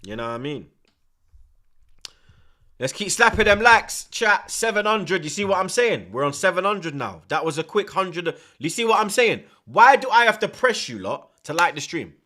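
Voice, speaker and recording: A young man, reacting loudly to a live football match and chatting to his stream's viewers, swearing and laughing often in heavy slang. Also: sits high, big pitch swings, normal speed. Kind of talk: live watchalong commentary and chat.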